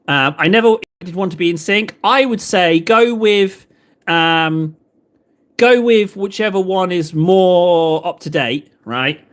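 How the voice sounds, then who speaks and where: Painting miniatures live, this thirty-something host from England rambles playfully to his audience, peppering the chat with rhetorical questions. He has a high, slightly bright voice.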